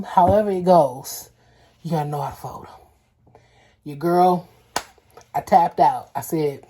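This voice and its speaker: Young woman vlogger from LA, kinda husky, lowish voice, slangy animated storytelling. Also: normal speed, long pauses. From Los Angeles. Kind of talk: casual storytelling vlog.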